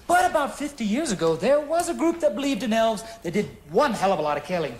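A man's voice: very high-pitched, big pitch swings, fast talker. An actor playing an eccentric, breezy male scholar, from an old film soundtrack. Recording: echoey noisy film audio.

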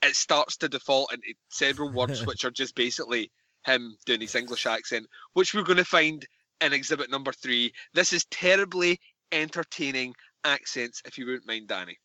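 A man's voice: mid-range voice, normal speed, pushed and bright, dry recording. A man hosting a podcast, chatting enthusiastically and swearing freely about a film. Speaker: podcast host. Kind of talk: casual film review chat.

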